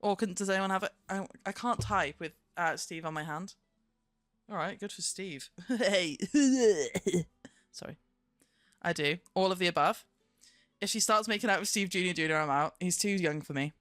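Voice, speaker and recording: A woman's voice: lowish voice, normal speed, fairly bright tone, no room sound, clean studio sound. A woman live streamer chatting casually with viewers in a giggly, self-mocking way, talking into a streaming microphone at home.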